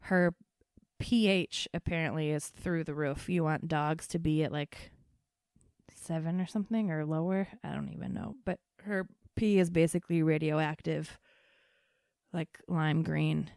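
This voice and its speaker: A woman's voice: low-pitched, steady tone, measured pace, darkish tone, smooth, dry recording, clean studio sound. A woman hosting a podcast who tells a long story in a chatty, casual way, swearing freely and acting out what others said. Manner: chatty, profane, tells stories with quoted dialogue. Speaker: podcast host.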